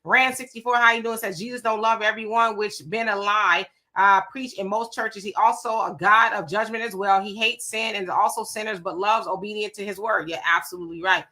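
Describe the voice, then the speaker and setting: A woman's voice: medium pitch, steady tone, brisk, few pauses, pushed and bright. A woman hosting a casual live stream, greeting viewers one by one and reading their comments aloud in loose vernacular talk.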